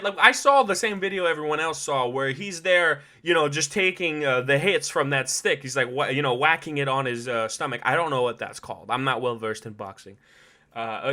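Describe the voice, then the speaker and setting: Podcast host, male, high and very bright voice, profane, slangy, animated solo talk. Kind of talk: casual solo commentary.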